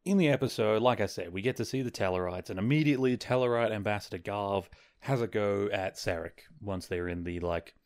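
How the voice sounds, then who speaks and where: Rambling, lowish-voiced male podcast host. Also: a little fast, darkish tone. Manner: rambling, filler-heavy, amused. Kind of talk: casual solo episode recap.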